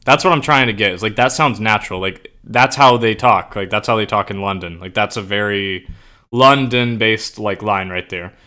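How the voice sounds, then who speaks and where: A man's voice: lowish voice, normal speed, bright, forceful tone. A young man chatting casually as a streamer, loose and profane, saying "like" and "bro" a lot and eagerly explaining slang. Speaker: streamer and writer. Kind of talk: casual chat while writing.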